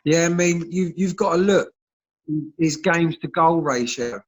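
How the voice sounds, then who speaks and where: A man's voice: on the high side, a little slow, rough recording. A man, a former footballer telling stories in casual chat, laughing often, over a video call. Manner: chatty storyteller, laughs often.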